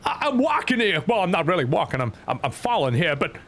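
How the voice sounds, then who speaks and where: A man putting on a famous actor's halting, clipped drawl, repeating his phrases as he dubs a game scene over faint music. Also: sits high, sing-song, fairly bright tone, voice pushed up, exaggerated voice. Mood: mock-dramatic.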